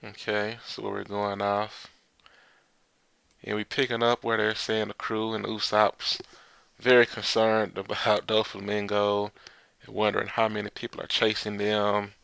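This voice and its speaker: A man's voice: fairly low pitch, gravelly, a bit bright, smooth, no room sound. A man casually recapping a comic chapter, rambling with loose filler words and frequent laughs. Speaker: manga chapter reviewer.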